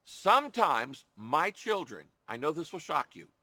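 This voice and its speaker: A man delivers an earnest sermon, stressing his points by repeating them and voicing pleading prayers aloud. His tone is bright and forceful, sitting a little high for a man. The sound is close and dry, with no room echo. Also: sing-song, unhurried. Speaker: preacher.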